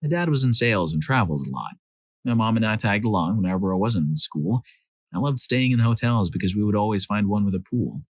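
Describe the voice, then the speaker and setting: A man narrating a series of reader-submitted stories as a scripted storyteller, lively when he voices the quoted lines. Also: on the low side, a little fast, no room sound.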